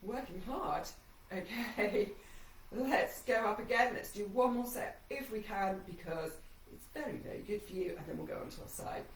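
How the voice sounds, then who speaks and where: A woman's voice: mid-range voice, moderate pace, roomy sound, distant mic, poor audio. A woman instructor calling breathing cues through an ab workout while doing it herself, her voice a little shaky from the effort. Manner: encouraging cues paced to breathing, slightly breathless. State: shaky voice from exertion. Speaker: fitness instructor.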